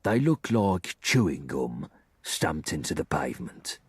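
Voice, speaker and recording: An actor playing a sly male London gang leader who speaks in a husky, mocking drawl. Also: rumbling low, big pitch swings, measured pace, heavily acted.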